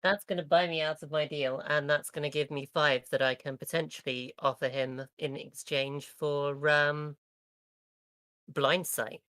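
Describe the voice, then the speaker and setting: A woman playing a tabletop game, speaking hesitantly with many pauses and fillers. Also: low-pitched, steady tone, fairly bright tone, no echo. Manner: hesitant, sprinkled with "um" and "uh". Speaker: player. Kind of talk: in-character tabletop play.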